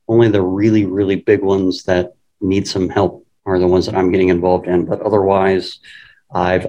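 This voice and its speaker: Low-voiced guy on a podcast, calm and measured, just chatting. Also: poor audio. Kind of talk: casual podcast chat.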